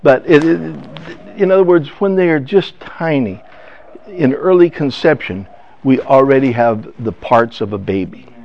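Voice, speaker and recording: Older guy telling his family story, choked up and halting, muffled lo-fi sound. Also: medium pitch, animated, vocal fry. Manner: halting, emotional, with restarts. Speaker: speaker. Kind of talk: personal testimony talk. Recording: dull lo-fi sound.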